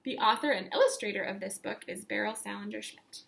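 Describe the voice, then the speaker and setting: A woman teacher reading a picture book aloud to young children, counting along slowly in a sing-song voice. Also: medium pitch, creaky, background noise.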